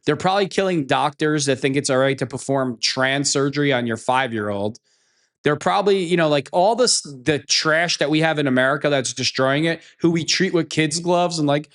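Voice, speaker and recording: A man's voice: on the high side, normal speed, fairly bright tone. A man hosting a commentary show, ranting sarcastically and with profanity as he reacts to clips.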